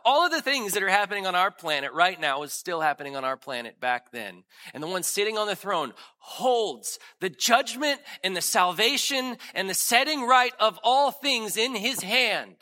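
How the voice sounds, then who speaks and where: A man preaching a sermon, dramatic, swinging between loud emphatic lines and hushed ones. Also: high-pitched, sing-song, moderate pace. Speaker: pastor.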